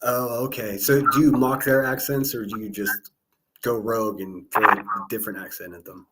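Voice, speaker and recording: A man hosting a livestream call-in, relaxed and laughing often, rambling with fillers when he explains things. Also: mid-range voice, moderate pace, heavy background noise. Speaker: host. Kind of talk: casual livestream call-in chat.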